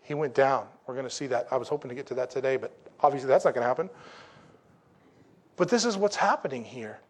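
A man preaching a sermon in a conversational, folksy way, with rhetorical questions and slow, emphatic declarations. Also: mid-range voice, expressive. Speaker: pastor.

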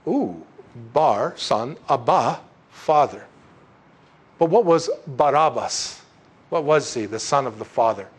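A man preaching a sermon in an impassioned way, often rising to loud, emphatic peaks. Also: mid-range voice, animated, slow, slightly rough.

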